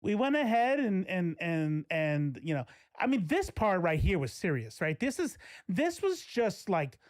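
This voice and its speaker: A man's voice: high voice, sing-song, measured pace, no room sound, studio quality. A man in his forties hosting a live stream, chatting casually in a rambling way, laughing and breaking off mid-sentence. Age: 40s. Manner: rambling, laughing, self-interrupting. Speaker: streamer host.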